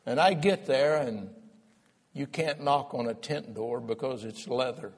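Husky, slow-preaching man pastor. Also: medium pitch. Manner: dramatic, swinging from loud to hushed. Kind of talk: sermon storytelling. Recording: long hall reverb.

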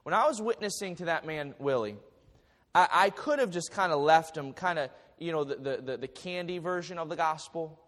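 Animated pastor in an echoing hall. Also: male voice, a little high, moderate pace. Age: 40s. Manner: animated storytelling with stammered restarts and jokes. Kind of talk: sermon.

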